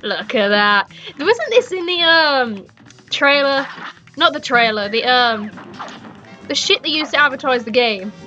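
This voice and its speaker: A young woman commentating a video game as she plays, excitable and swearing, with loud outbursts. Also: high-pitched, measured pace, muffled recording, soft background music. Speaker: gaming streamer. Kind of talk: let's play commentary. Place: home room.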